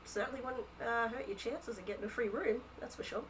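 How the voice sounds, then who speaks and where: A woman's voice: fairly high pitch, fairly bright tone, rough recording. A woman running a tabletop game as game master, narrating with frequent fillers.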